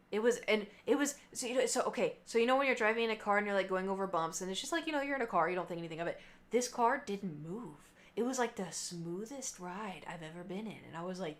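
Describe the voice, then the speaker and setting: A live streamer in her late twenties tells stories casually, her voice at medium pitch and normal speed. She's chatty and animated, using plenty of fillers and trailing asides.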